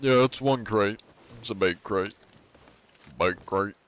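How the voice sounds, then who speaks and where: Dry, low-voiced young male streamer. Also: slow pace, fairly bright tone, slight background noise. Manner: dry, wry joking with chat. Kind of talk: casual gaming livestream chat.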